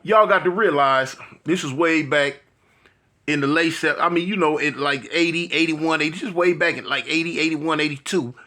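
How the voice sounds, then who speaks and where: An older man casually telling a story from his past to an online audience, acting out the quotes in a higher voice. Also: moderate pace. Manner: animated, acts out quotes in a higher voice.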